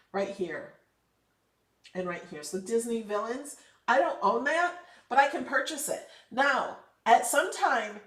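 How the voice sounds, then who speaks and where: An upbeat woman hosting a live craft lesson, chatting and encouraging viewers with firm emphasis when she gives advice. Her voice sits a touch higher than most women's. It is recorded in an echoey room, a little away from the mic. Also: fairly bright tone, distant mic. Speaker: craft channel host. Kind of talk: casual live tutorial.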